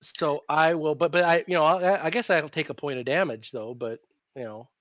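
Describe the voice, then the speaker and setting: A man's voice: a little high, moderate pace, a bit bright, dull audio. A man playing a tabletop game, joking and hesitating with many fillers. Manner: jokey, hesitant. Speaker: player. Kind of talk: casual tabletop play.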